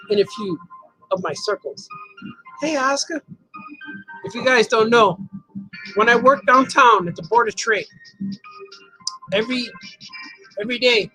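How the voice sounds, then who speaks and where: A cartoonist hosting a casual livestream chat reads out viewer comments and spins rambling, playful anecdotes, laughing often mid-sentence and repeating words for effect. His high-pitched voice is bright and forceful, captured on a rough recording.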